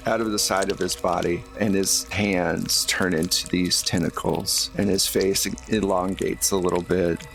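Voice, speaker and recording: A man as game master, narrating scenes in a measured, descriptive way. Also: low-pitched, gravelly, a bit bright.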